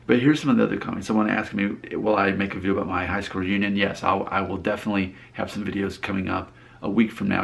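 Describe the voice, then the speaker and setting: A man in his late thirties, a casual vlogger who reads his viewers' comments aloud and answers them drily. His voice sits low with a gravelly edge. He talks on and on, often going back over and restarting his phrases. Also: a bit bright. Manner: talkative, repeats and restarts phrases. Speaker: YouTube creator.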